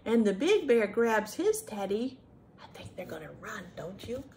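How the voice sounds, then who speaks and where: A woman's voice: mid-range voice, big pitch swings, normal speed, darkish tone, a little hiss or hum. A woman reading a picture book aloud to children, stopping often to chat and ask the young listeners questions. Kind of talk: children's read-aloud with chatty commentary.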